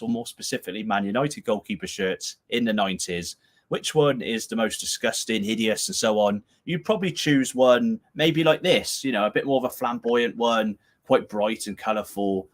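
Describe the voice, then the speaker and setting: A man hosts a casual live-stream chat from home, heard through a camera that serves as his webcam. His pitch sits in an ordinary middle range. He rambles and often breaks into laughter. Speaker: show host. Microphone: camera used as webcam.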